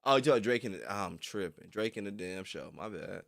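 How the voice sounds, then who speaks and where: Young man, casual stream chat, slangy, laughing a lot, gravelly fry. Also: animated, moderate pace, fairly bright tone. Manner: loose, laughs often, slangy, jumps into high squeals. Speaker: streamer reacting to videos. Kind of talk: casual chat with live viewers.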